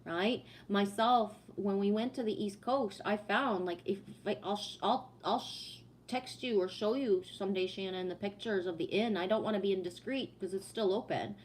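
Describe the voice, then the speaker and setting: A woman's voice: medium pitch, normal speed, hardly any pauses, a little hiss or hum. A woman in her forties hosting a livestream, telling a personal story in a casual, heated way with lots of swearing and then answering chat comments. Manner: profane, emphatic, heated. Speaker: livestream host reading chat.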